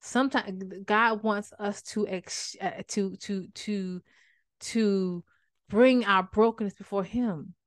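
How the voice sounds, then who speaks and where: A woman's voice: mid-range voice, fairly even intonation, slow pace, no room sound, clean studio sound. A woman hosting a podcast and teaching from the Bible in a casual, conversational way, often calling her listeners y'all and getting emotional. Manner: emotional, fighting back tears of joy. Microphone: microphone with a faulty cord.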